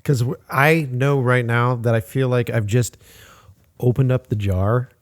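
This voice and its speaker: A man hosting a podcast, relaxed and joking with his guest. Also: medium pitch, a little slow. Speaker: podcast host. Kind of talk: casual conversation.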